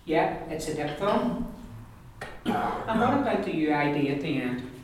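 A man's voice: on the high side, expressive, a little hiss or hum. Man teaching pronunciation in an echoey classroom. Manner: repeats words slowly for drilling. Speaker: Irish language teacher. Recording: echoey room, distant mic.

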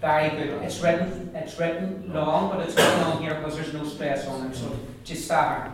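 A man's voice: fairly high pitch, steady tone, a little hiss or hum. Man, teacher, patient and repetitive, echoey classroom, distant mic. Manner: patient, repeats words slowly for learners. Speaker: Irish language teacher. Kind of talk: classroom pronunciation lesson. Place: classroom with students. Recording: echoey classroom from far off, group around.

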